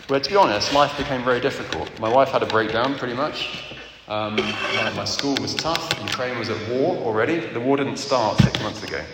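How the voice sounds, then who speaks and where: A man preaching a sermon, earnest and candid, often checking in with his listeners. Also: mid-range voice. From England. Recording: echoey hall with background noise.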